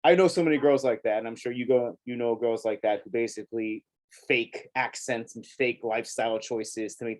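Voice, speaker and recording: A man co-hosting a casual TV review chat, talking in an emphatic, chatty way and laughing often. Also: medium pitch. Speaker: co-host of a TV review show.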